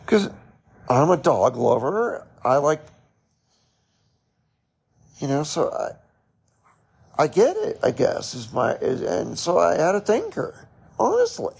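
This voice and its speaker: A man's voice: sits high, huge pitch swings, slow pace, creaky, pauses often, a little mellow, husky. A man hosting a podcast, casually telling a story in a chatty way, laughing often and restarting his sentences. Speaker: podcast host.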